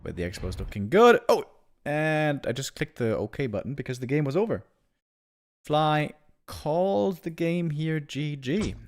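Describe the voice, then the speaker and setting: Playful, lively man casting a game stream. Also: on the high side, a little slow. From Germany. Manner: playful, animated banter with sudden loud outbursts. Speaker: esports caster. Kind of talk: live game commentary and chat with viewers.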